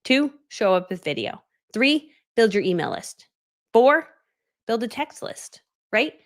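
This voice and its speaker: A woman's voice: a little high, very animated, unhurried. A woman coaching viewers through a casual live stream, bubbly and chatty, laughing often and dropping into whispered asides. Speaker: online business coach.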